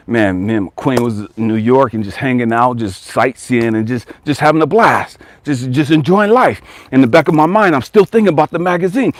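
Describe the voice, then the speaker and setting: A man's voice: mid-range voice, dry recording. A man giving a motivational spiritual talk as a coach. He repeats his exhortations emphatically, tells stories in a slangy, conversational way, and swears casually.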